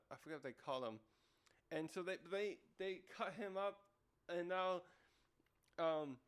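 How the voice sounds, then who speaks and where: A man's voice: a little high, fairly bright tone, clear, resonant tone. A man casually reviewing a comic chapter, thinking aloud and often correcting himself mid-sentence. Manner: rambling, thinking aloud with frequent self-corrections. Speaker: manga reviewer.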